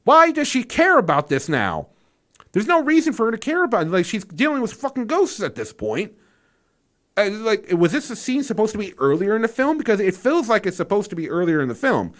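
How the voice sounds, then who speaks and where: A man's voice: high-pitched, very animated, brisk, fairly bright tone. A man giving a casual spoken movie review, incredulous and exasperated, rambling with fillers and restarts and swearing freely.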